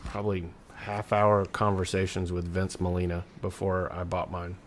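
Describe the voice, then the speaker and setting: A man with a very deep voice chats on a podcast over a video call. He tells his stories with eagerness, often stumbling and restarting, and faint noise hums behind him. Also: monotone, normal speed. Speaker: podcast co-host. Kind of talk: casual podcast chat.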